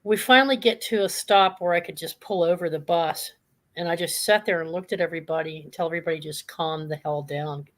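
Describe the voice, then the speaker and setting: A woman hosting a live talk show, telling a calm, reflective story from her own past. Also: on the low side, fairly quick. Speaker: host.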